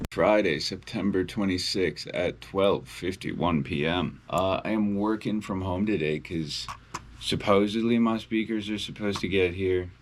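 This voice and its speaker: A young independent musician's casual video diary, recorded at home, finds him blunt and heavily profane. His voice sits low with vocal fry, and a little hiss or hum can be heard.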